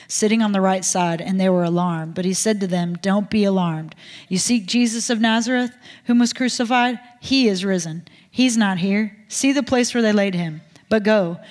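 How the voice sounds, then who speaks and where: A woman reads scripture aloud in a steady, measured voice of middle pitch. The reading carries the long reverb of a large hall. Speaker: scripture reader.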